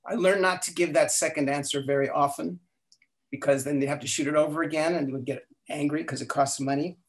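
Older guy telling stories in an interview, slightly high voice, acts out the quotes. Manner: animated storyteller, acts out quotes, frequent restarts. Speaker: guest, language inventor. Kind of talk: storytelling interview.

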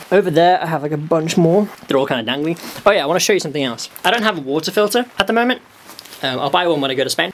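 A man's voice: fairly high pitch, fairly bright tone, a little hiss or hum. A young man talking casually and wryly to the camera from a dim room at his desk, meandering and laughing at himself. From Wales. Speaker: vlogger. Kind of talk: casual rambling vlog.

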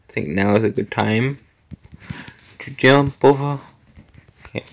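A man's voice: lowish voice, slow, creaky, pauses often. A man giving casual commentary while playing an obstacle-course game, muttering to himself, sometimes dropping to a whisper and sometimes exclaiming at setbacks.

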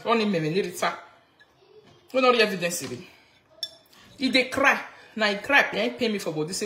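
A Nigerian woman rants casually during a live video, switching between Pidgin and local languages with mocking, animated energy as a social media commentator. Her medium-pitched speech runs a little fast but includes long pauses. The room sound is noticeable.

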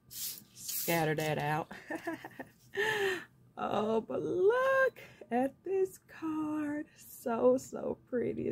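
A woman's voice: deep voice, creaky, darkish tone, breathy edge. A woman hosting a craft vlog from home, gushing with thanks and laughing often as she unboxes gifts. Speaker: craft channel host opening gifts. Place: at home, filming on a tripod. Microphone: camera on a tripod.

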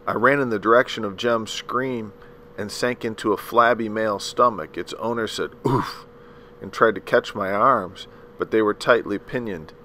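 A man narrating a novel aloud in a measured, dramatic storytelling manner, with the occasional slip. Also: fairly low pitch, bright, forceful tone, a little hiss or hum, rough recording. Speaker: audiobook reader.

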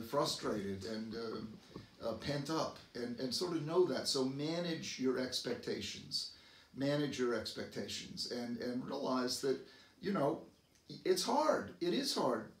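A man doctor from the United States giving advice to camera, earnest, often repeating and restarting words and jumping up in pitch for emphasis. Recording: roomy echo, voice from a distance.

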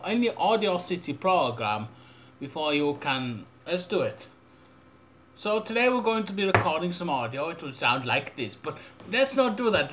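A young man rambling through a deadpan, mock-serious audio software tutorial with absurd asides. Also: on the high side, slight background noise. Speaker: tutorial maker.

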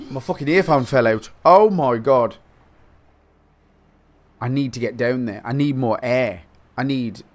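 A man from Britain giving excitable, swear-heavy let's play commentary, talking to himself as he plays. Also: medium pitch. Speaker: gaming channel host.

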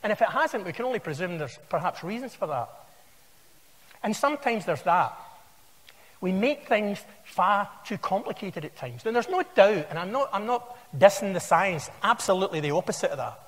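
A man's voice: high voice, sing-song, normal speed, fairly bright tone. Wry Scottish man in his sixties. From Scotland. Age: 60s. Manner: wry, anecdotal, conversational storytelling. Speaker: conference speaker. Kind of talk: conference keynote talk. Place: large conference hall. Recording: long hall reverb.

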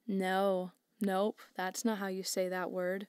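A woman's voice: medium pitch, little pitch movement, takes it slowly, few pauses, a little mellow, clear, resonant tone, no room sound, clean studio sound. A woman with a Canadian accent recording fan dub lines, apologetic and laughing at her mistakes. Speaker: voice actor. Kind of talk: voice acting outtakes.

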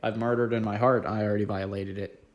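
A man from Canada hosting a panel room, relaxed and plain-spoken, with a joking manner. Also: fairly low pitch, fast talker, lo-fi sound. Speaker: room host and Christian panelist. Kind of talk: casual panel debate.

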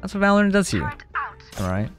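A man streaming a shooter game, chatting casually and excitably, swearing and joking about his own play, close on his mic. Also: high-pitched, quick pace, soft background music. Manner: casual, profane, excitable, self-deprecating. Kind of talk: live gameplay commentary. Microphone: close desk mic with popping plosives.

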